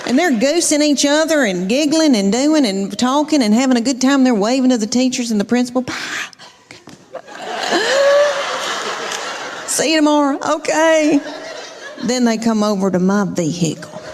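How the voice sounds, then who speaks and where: A woman's voice: on the high side, brisk, few pauses. A middle-aged woman with a Southern US accent doing a stand-up set, telling drawling family stories on stage. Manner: drawling storyteller acting out family voices. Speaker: stand-up comedian. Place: theater stage before a laughing audience. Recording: live hall reverb with audience noise.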